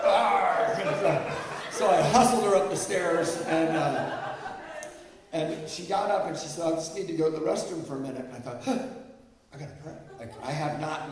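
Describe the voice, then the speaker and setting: A middle-aged man speaking as a guest at a recovery meeting, telling a personal story in a candid, self-deprecating way. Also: fairly high pitch. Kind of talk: personal story told to an audience. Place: large hall with an audience. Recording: echoey hall, mic heard from far off.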